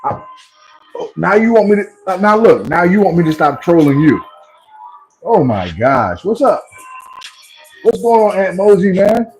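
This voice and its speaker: A man's voice: high voice, unhurried, long pauses, poor audio. A man talking live to his viewers in a loose, playful style, teasing them as he goes. His voice rises and falls a great deal. Faint music plays in the background. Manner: playful trash talk, animated. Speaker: livestream host. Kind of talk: casual live chat with viewers.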